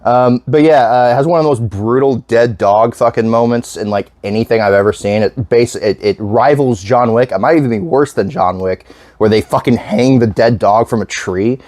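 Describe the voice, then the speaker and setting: A man's voice: medium pitch, moderate pace, a little mellow, no echo. A man vlogging in casual chat, rambling with lots of restarts and frequent swearing.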